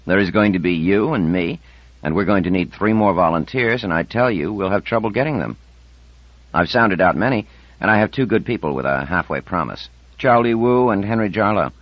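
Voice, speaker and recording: A man's voice: on the low side, dry recording. A man reading an audiobook, voicing a confident, persuasive woman scientist in her fifties. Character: confident, determined woman scientist over fifty. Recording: dull dry audiobook recording.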